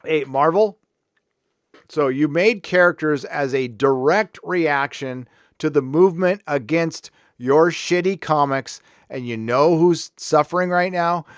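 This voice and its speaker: With a somewhat high voice and a measured pace, a livestream host launches into an angry, profanity-heavy rant before easing into relaxed conversation with his viewers. The sound is dry and studio-clean.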